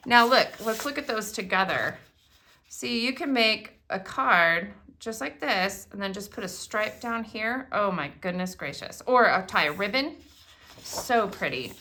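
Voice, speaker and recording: A woman's voice: mid-range voice, pushed and bright. A middle-aged woman in a casual unboxing vlog, gushing and exclaiming over each craft item she shows. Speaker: craft product demonstrator.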